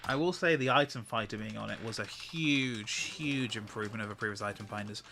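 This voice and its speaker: A man's voice: on the low side, brisk, vocal fry, pushed and bright, slight background noise. A man, chatting casually and rambling about games and life, laughing often. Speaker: co-host. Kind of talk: casual chat while gaming.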